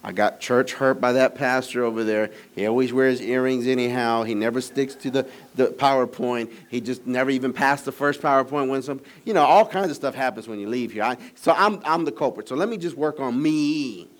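A middle-aged man preaches from a church sanctuary at a brisk clip with few pauses and a medium pitch. His sermon alternates between chatty teasing of the congregation and spirited, climbing emphasis.

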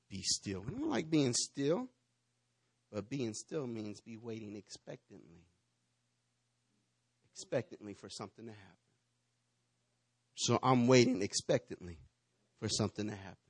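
A pastor preaching a sermon, calling on the congregation to answer him, moving from hushed asides to rousing calls. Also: male voice, mid-range voice, big pitch swings, normal speed, long pauses, husky, no echo. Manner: preachy call-and-response, shifting from hushed to rousing.

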